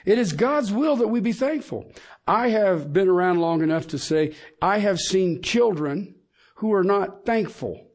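A man's voice: high-pitched, lively intonation, measured pace. A middle-aged man preaching a sermon, emphatic and asking the congregation questions.

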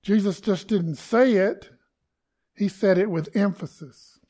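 A man's voice: high-pitched, takes it slowly, dark tone. A man preaching a conversational sermon to his congregation, acting out quoted lines with emphasis. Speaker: pastor.

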